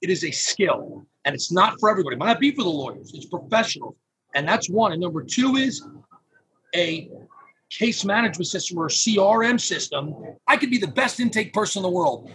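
A man speaking as a podcast guest in casual interview talk, animated and acting out what his clients say. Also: high voice, a little fast, a little hiss or hum. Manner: animated, acts out clients' quotes. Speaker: podcast guest, phone number business owner.

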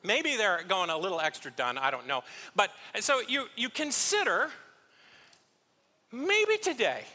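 Lively high-voiced preacher in a hall. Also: male voice, unhurried. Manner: conversational, self-deprecating, acts out little scenes. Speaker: pastor. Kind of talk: sermon.

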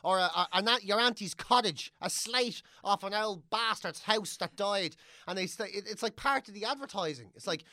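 A woman's voice: mid-range voice, animated, normal speed, sharp tone, no echo, clean studio sound. A woman with an Irish accent ranting comically on a podcast, heavy on swearing and mocking put-on voices. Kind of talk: comic rant.

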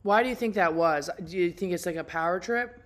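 A woman hosts a podcast interview. She reacts briefly and asks short, attentive questions. Her voice is very low. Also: brisk. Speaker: podcast host.

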